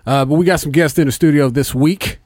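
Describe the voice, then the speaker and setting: A man's voice: a little high, fairly quick, darkish tone, no room sound. A man with an Indiana accent hosting a podcast in a studio, chatting loosely and swearing freely. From Indianapolis area, USA. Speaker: podcast host. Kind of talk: casual chat.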